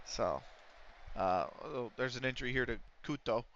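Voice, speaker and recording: A man's voice: medium pitch, normal speed, fairly bright tone, dull audio, slight background noise. A man livestreaming a game, chatting casually with viewers, swearing freely and breaking into play-by-play calls. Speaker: streamer.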